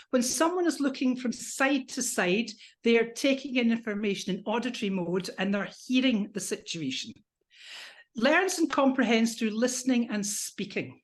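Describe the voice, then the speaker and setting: A British woman coaching people on how to present, talking with animated energy. Her voice sits fairly high for a woman, and she runs through vocal exercises as she teaches. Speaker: NLP coach and trainer.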